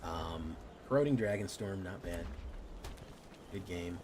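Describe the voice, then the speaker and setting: A man's voice: sits low, slow. A young man streaming a card game, muttering play-by-play and swearing when frustrated. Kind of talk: live gameplay commentary. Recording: noisy room ambience behind.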